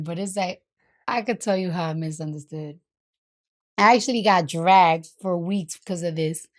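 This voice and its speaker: A woman from the Bronx, New York, is the guest in a candid conversational interview. Her voice is medium-pitched, recorded with clean studio sound and no room sound. She's blunt and frank, curses freely, and fills her talk with "like."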